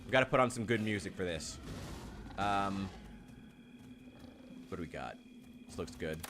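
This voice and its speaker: A man casually commenting while playing a game, rambling and sarcastic, now and then yelling in panic. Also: deep voice, expressive, normal speed, background noise. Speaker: gaming channel host. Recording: game music loud behind.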